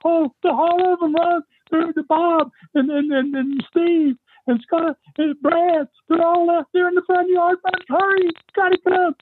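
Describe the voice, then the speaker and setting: An older man putting on a panicked woman's voice, pitched way up and frantic, blurting and repeating herself over a tinny phone line with a faint hiss. It sounds like a lo-fi call. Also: little pitch movement, unhurried. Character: panicking middle-aged woman calling for help.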